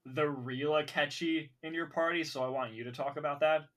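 A man's voice: on the high side, steady tone, a little fast. A man hosting a casual podcast, eager and talking with lots of fillers. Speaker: podcast host. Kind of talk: casual podcast chat about a video game.

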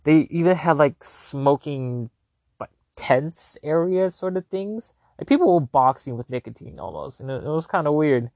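A chatty vlogger tells a trip story in loose, rambling talk, packed with "like" and casual cursing. The voice sits at a middling pitch, and the recording is close and dry with no room sound. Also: animated, moderate pace, a little mellow, no echo. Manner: chatty, filler-heavy with constant "like", casual swearing; loose, self-correcting.

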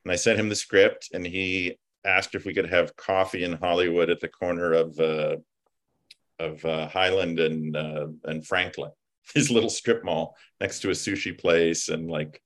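Low-voiced guy rambling about films, lots of ums, gets excited telling stories. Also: normal speed. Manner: animated storyteller, digressive, many fillers. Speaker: film writer and producer, podcast guest. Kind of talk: casual chat.

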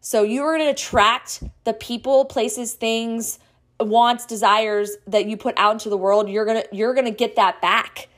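A woman podcast host telling a personal story in a casual, excitable, chatty way, acting out the quoted lines. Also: a little high, moderate pace.

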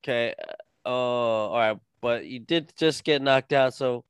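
A man co-hosting a casual podcast, playing a deadpan straight interviewer. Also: mid-range voice, a little slow, smooth, no echo. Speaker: podcast co-host.

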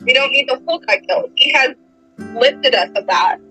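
Hesitant young woman, very bright voice. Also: sits high, lively intonation, normal speed, soft background music, poor audio. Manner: hesitant, full of likes. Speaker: guest. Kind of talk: casual faith chat.

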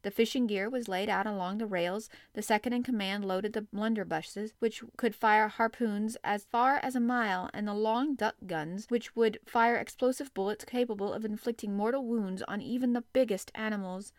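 A woman narrates a novel for an audiobook in a middle-pitched voice, reading steadily and expressively at a moderate pace with few pauses. The recording is dry and close-miked, with no echo.

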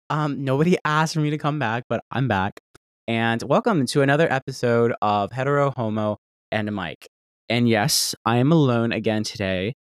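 Southern male podcast host, casual, profane rant, swings from loud to mumbled, close dry mic. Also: medium pitch, clear, resonant tone, no echo. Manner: rambling, profane, self-deprecating, jumps between loud outbursts and mutters. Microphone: desk microphone held close.

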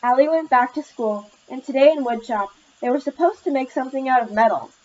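A woman reads a story aloud in a plain, steady manner. Her voice sits a bit high. The recording sounds somewhat dull and lo-fi. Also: brisk, slight background noise. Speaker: narrator. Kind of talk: storybook narration. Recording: slightly muffled lo-fi recording.

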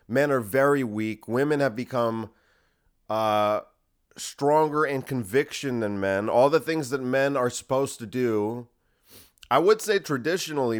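A man hosting a solo podcast, ranting in a sarcastic, profane way. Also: medium pitch. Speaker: podcast host.

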